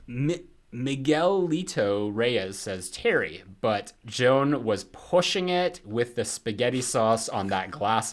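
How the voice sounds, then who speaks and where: A man co-hosting a podcast in casual chat, reading out listener comments and laughing often. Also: lowish voice. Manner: chatty, laughs often, fillers.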